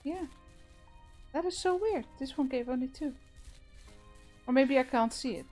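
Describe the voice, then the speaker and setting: A woman hosting a casual multiplayer gaming session, chatty and quick to laugh. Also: high-pitched, expressive, darkish tone, soft background music. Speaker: gaming channel host.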